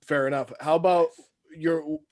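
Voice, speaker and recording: A man co-hosting a sports podcast, asking relaxed questions and giving short reactions. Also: fairly high pitch, a little slow, creaky. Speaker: podcast co-host. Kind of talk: casual interview chat.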